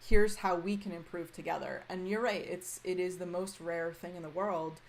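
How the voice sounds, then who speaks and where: A lower-voiced woman hosts an interview, affirming her guest and summing up her points. There is a faint hum of ambience behind her. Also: fairly even intonation, moderate pace. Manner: affirming, summarizing, frequent "right". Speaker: podcast host. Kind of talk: conversational interview.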